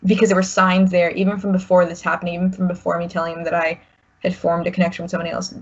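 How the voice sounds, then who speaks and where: Husky-voiced woman in her 20s, slightly low, rambling and candid, muffled recording. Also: little pitch movement, very fast. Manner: rambling, full of "like" and restarts. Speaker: guest sharing a personal story. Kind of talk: candid personal storytelling.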